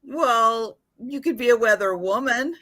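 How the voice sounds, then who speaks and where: A woman's voice: a little high, a little slow, a bit bright, no echo. A woman with a Washington State accent, a guest on a live chat, talking with laughing, mock-indignant banter and many fillers. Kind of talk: casual live-stream chat.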